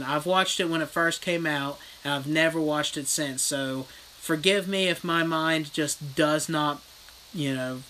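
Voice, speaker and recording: List: casual livestream rant, horror vlogger, blunt and profane, animated storytelling, mid pitch, faint hiss. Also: rough recording. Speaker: horror vlogger reading live chat.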